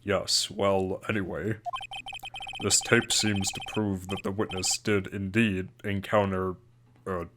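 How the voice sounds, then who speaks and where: A man voicing a timid, muddled older male judge who speaks softly and hesitantly. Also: deep voice, little pitch movement, slow, background noise, voice pushed down. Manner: soft, hesitant, trailing off. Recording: game music playing behind.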